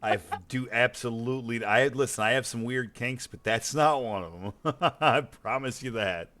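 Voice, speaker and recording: A man's voice: mid-range voice, moderate pace, a bit bright. An American man streaming a game, chatting casually, rambling with repeated words and cursing freely. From United States. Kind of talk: casual gaming chat.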